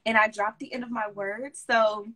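A woman's voice: mid-range voice, background noise. A woman with a mix of DC, Baltimore and Southern accents, chatting casually as host of a live stream and reading out viewer comments. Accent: mixed DC, Baltimore and Southern US. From DMV area, United States. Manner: chatty, upbeat, talks fast when excited.

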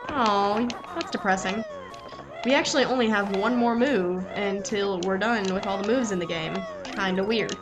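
A young adult woman giving chatty, excitable gameplay commentary and talking back to the game characters. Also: mid-range voice, moderate pace, rough recording. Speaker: let's play gamer. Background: game music.

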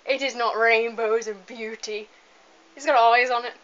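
Young woman rambling and giggling over a game at home, slightly high voice, muffled camera audio with a bit of hiss. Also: steady tone, measured pace, a bit bright. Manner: chatty, giggly, rambling asides. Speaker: let's play gamer. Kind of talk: casual gameplay commentary. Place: home room, moving away from the camera at times. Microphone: camera mic.

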